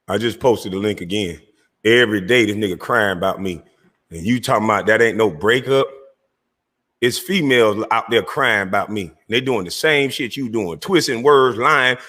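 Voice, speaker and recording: Taunting man ranting with a bright edge. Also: medium pitch, long reverb tail. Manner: confrontational, taunting, mocking. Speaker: online show host. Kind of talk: heated livestream rant.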